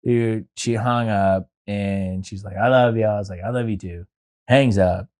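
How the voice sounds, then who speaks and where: A man's voice: fairly low pitch, fairly even intonation, a little slow, a little mellow. A young man, a podcast guest, telling a long personal story in casual chat, full of filler words like "like" and "dude".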